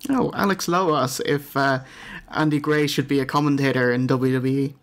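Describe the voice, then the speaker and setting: Irish podcast host reading listener questions. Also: male voice, mid-range voice, fairly even intonation, normal speed, fairly bright tone. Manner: casual, joking, swears.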